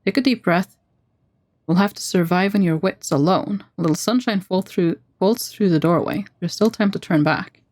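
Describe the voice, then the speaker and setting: A woman streamer reading a text adventure game aloud, with playful asides and brisk narration. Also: fairly low pitch, darkish tone.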